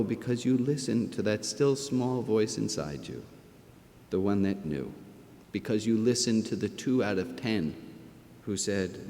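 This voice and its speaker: A middle-aged man speaking as a rabbi at a ceremony, emotional and tender, close to tears. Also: warm tone. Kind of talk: heartfelt ceremony speech. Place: large hall at a ceremony. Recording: echoey hall, faint rumble.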